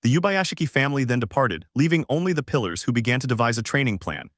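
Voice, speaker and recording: A man narrating fan fiction in scripted narration with a flat, even reading voice on a close, dry mic. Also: mid-range voice, fast talker, no echo. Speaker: fanfic narrator.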